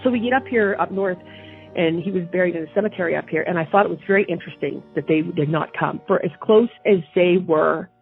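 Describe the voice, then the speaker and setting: A woman's voice: fairly low pitch, fast, creaky, breathy edge. Woman, indignant storyteller, repeats and restarts, tinny phone sound, faint music. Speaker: interview guest recounting events. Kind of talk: personal storytelling.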